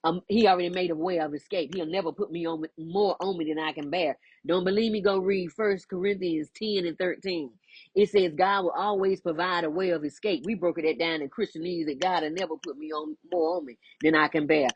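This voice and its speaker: A woman giving a lively, inspirational faith talk, playful and quick to laugh, with folksy asides. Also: on the low side, slightly rough, no room sound, highs cut off. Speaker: spiritual teacher.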